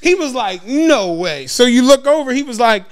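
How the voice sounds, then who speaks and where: A man's voice: very high voice, normal speed. A man co-hosting a podcast, telling a story in casual chat with lots of slang and profanity, acting out quotes and laughing often. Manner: animated storyteller, acts out quotes, laughs a lot. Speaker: podcast co-host.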